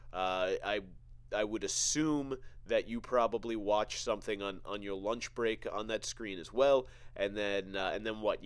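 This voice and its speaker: A man hosting a podcast, delivering a profane, sarcastic comedic rant full of halting restarts. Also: on the low side, smooth, dry recording. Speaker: podcast host.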